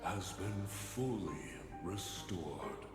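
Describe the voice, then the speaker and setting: An actor voicing an ancient, benevolent male tree guardian in a video game cutscene, speaking slowly and with stately calm. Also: sits low, heavily acted. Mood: gentle. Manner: slow, stately and warm-hearted. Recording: reverberant game cutscene audio. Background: clear orchestral music.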